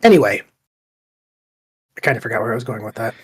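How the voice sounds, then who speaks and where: A middle-aged man with a husky, somewhat breathy voice talks in a loose, casual way. He tells stories with plenty of swearing and an easygoing tone. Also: lowish voice, quick pace. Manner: relaxed storytelling, swears often. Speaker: podcast co-host. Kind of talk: casual chat.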